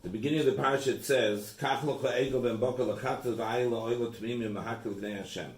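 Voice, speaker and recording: Halting rabbi teaching in an echoey room. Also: male voice, mid-range voice, steady tone. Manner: halting, restarts and repeats phrases, mixes in Hebrew terms. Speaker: rabbi giving a Torah class. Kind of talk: informal Torah class in a home. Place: room in a private home. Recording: echoey room, distant mic, faint noise.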